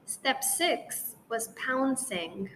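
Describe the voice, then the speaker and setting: A woman reading a children's storybook aloud with a playful, expressive delivery. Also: high voice, extremely slow, slight background noise.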